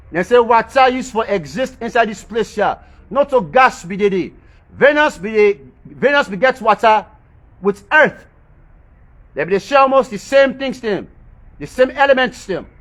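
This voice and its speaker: High-voiced man musing on the planets. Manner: repeats phrases for emphasis, chuckles softly to himself; talks in creole-tinged informal English. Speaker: social media commentator. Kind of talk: rambling spoken monologue about planets and religion.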